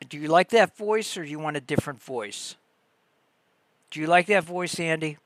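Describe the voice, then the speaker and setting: A man hosting a casual livestream, chatting excitably and breaking into laughter and squeals. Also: fairly high pitch, moderate pace, dry recording. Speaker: livestream host.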